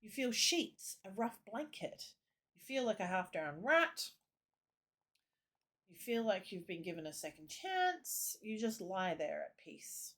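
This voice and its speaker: A woman's voice: medium pitch, sing-song, a bit bright. A woman streamer reading a text game aloud, mixing the narration with muttered casual asides. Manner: reads narration slowly, drops into muttered asides.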